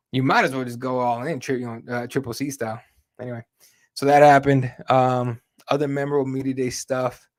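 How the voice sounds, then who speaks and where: Man, host, casual chat, loose and conversational, swears freely, lots of fillers. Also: medium pitch. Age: adult with kids.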